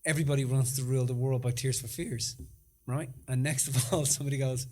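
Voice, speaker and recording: A man's voice: fairly high pitch, a little fast. A middle-aged man, co-hosting a casual podcast, telling stories with lots of swearing and laughter. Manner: animated, sweary storyteller, laughs often. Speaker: podcast co-host. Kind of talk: casual chat.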